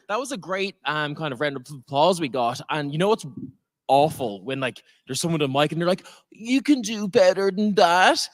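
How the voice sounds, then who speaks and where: A man's voice: fairly high pitch, expressive, normal speed. An Irish man acting as dungeon master for a live tabletop game podcast on stage in a convention auditorium, playful and laughing with the crowd.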